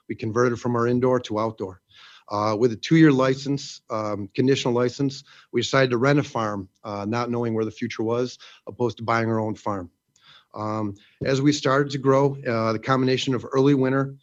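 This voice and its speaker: A man's voice: medium pitch, lo-fi sound. A man, a farmer from Western New York, giving an earnest, emotional public comment at a hearing, with many fillers.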